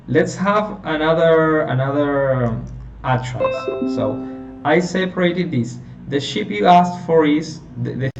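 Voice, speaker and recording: Slow-talking male teacher in an echoey room. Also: medium pitch. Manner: slow, explaining step by step and quizzing students. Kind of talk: online phonetics lesson. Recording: echoey room, a little far from mic, faint hiss.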